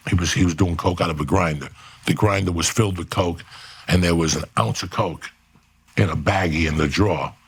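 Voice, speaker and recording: A man telling a profane, animated story as a podcast guest, acting out what other people said. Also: low voice, a little fast, husky. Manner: animated, swearing, acts out other people's lines.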